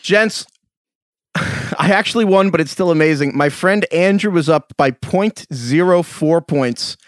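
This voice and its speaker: A man's voice: fairly high pitch, unhurried, dry recording, studio quality. A man hosting a podcast in a casual chat, reading listener emails aloud. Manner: reads listener emails, wraps up the show. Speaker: podcast host.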